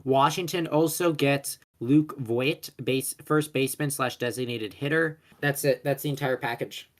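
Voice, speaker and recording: A young man in a loose sports podcast chat, voice sitting at an ordinary middle pitch. He rambles along, trips over player names and backtracks to fix himself. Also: moderate pace. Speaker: co-host.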